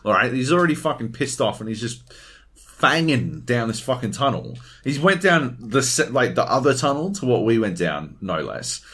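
A man talking on a casual gaming podcast, his pitch swinging widely as he tells stories. He swears freely and slips into quoted voices as he goes. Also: sing-song, normal speed, a bit bright, husky. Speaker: podcast co-host.

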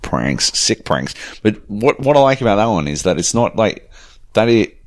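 Casual podcast co-host: man, low voice that swings widely, dry close sound, swears often. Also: sing-song, moderate pace, no echo. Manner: sweary, reads listener emails aloud. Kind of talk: casual chat.

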